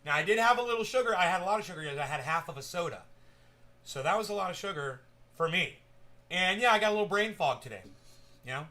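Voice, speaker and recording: A man chatting casually to viewers at home, rambling and swearing, jumping from loud bursts to mumbling. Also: high-pitched, animated, quick pace. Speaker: cannabis vlogger. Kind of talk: casual stoned chat to viewers.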